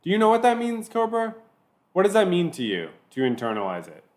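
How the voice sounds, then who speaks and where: A man talks over a clip he is playing, sarcastic and dry, now and then stopping it to pick at what was said. His pitch sits a little high and swings a lot as he scoffs and presses his point. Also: wildly swooping pitch. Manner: sarcastic, pausing the clip to mock it. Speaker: commentator reacting to a video. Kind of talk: reaction commentary.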